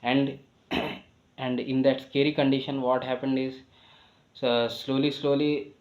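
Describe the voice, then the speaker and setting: A man's voice: mid-range voice, little pitch movement, unhurried. A man telling a devotional story, hesitant and full of fillers and self-corrections. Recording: roomy, dull lo-fi recording.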